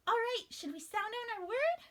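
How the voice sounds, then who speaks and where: A woman hosting a children's story time, speaking in an animated, sing-song way that encourages the children. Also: very high voice, normal speed.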